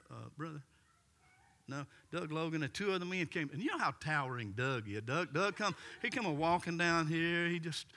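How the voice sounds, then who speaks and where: A man's voice: fairly high pitch, bright, forceful tone. A middle-aged male pastor, telling a story animatedly and acting out the voices. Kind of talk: storytelling sermon.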